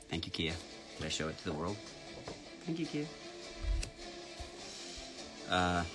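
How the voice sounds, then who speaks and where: A man chatting casually on a live stream, reading out fans' names, spelling them, and signing orders in a playful way. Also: sits low.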